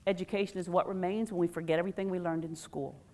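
A middle-aged woman giving a playful, animated workshop talk to parents and quizzing the audience. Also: on the low side, fast talker.

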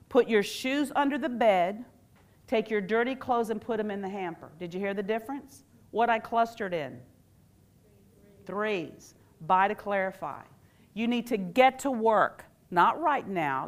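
A woman teacher gives an animated workshop talk, quizzing her audience and acting out phrases. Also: fairly high pitch, measured pace. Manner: animated, quizzes the audience with call-and-response questions; acts out quoted phrases in playful voices. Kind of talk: live interactive workshop talk.

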